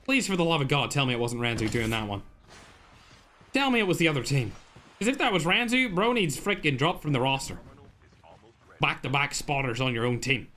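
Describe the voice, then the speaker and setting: A young man giving live esports commentary as a streamer, excitable and full of exclamations, chatting with his viewers as he calls the action. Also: mid-range voice, a little fast, pauses often, a little hiss or hum. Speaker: streamer casting a mobile shooter tournament.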